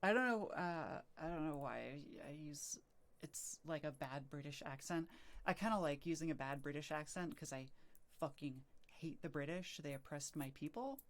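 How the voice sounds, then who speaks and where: A woman's voice: low-pitched, animated, moderate pace. A woman chatting casually on a livestream, rambling with lots of fillers, restarts and swearing. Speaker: streamer. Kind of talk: casual rambling stream chat.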